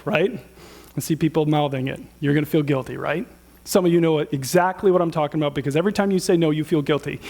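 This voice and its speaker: A middle-aged man preaching a sermon in a church, conversational and animated, asking the audience rhetorical questions. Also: high voice. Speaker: pastor.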